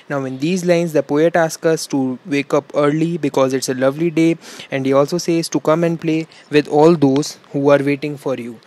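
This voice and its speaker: A young man with an Indian English accent teaches a children's poem. His voice sits a little high and stays level, with little rise or fall. He explains each line in simple words and repeats himself for young learners. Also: moderate pace. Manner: steady, repeats points simply for young pupils.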